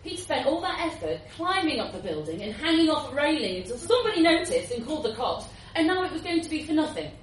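A woman giving a lively, expressive live reading of a short story. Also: high voice, quick pace, few pauses, slight background noise. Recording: roomy, distant live recording.

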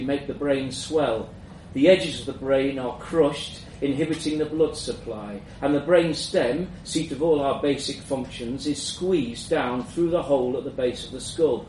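A man reading a first-person story aloud in a measured, reflective way. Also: mid-range voice, darkish tone. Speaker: narrator. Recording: roomy echo, mic at a distance, faint background hum.

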